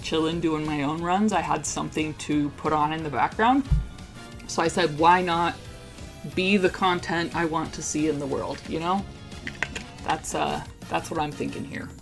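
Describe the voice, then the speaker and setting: A woman livestreamer chatting casually with her chat and reading a game story aloud in a laid-back, chatty way, chuckling now and then. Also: low-pitched.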